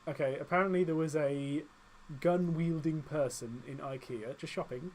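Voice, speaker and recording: A man's voice: on the high side, steady tone, normal speed, darkish tone, a little hiss or hum, low-quality recording. A young British man co-hosting a casual radio show, joking and reading out news items in a studio.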